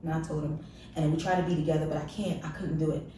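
Woman podcast guest, low register, frank and confessional storyteller, echoey off-mic recording. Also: level tone, quick pace, distant mic, background noise. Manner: frank and confessional, emphatic repetition. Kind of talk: candid personal storytelling.

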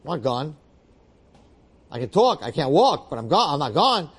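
A man's voice: mid-range voice, expressive, fast, dark tone, husky. A man voicing a frantic young athlete. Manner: frantic, insistent, repeating himself. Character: panicked young man, aspiring basketball star.

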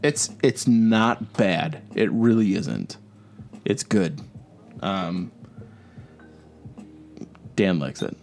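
A man with a lowish voice talks loosely in a relaxed podcast chat. He rambles, restarts his sentences and laughs easily as he goes. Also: drawn-out words, pauses often, soft background music. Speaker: podcast co-host. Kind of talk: casual chat.

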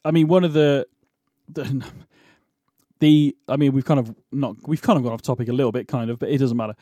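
A man's voice: mid-range voice, fairly even intonation, brisk, dark tone, no room sound, studio quality. A man co-hosting a casual wrestling podcast, rambling and restarting as he talks. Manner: rambling, restarts and laughs a lot. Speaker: podcast co-host. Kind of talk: casual chat.

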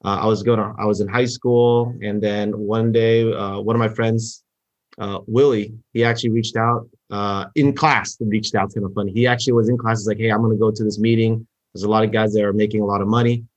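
A man's voice: fairly low pitch, level tone, fairly quick, no room sound. A middle-aged man telling his start in business in a casual interview, rambling with many fillers and restarts. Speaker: guest, network marketer. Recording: dull, muffled sound.

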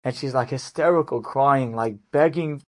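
A male rabbi telling an inspirational story in a lively, conversational way. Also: medium pitch, moderate pace.

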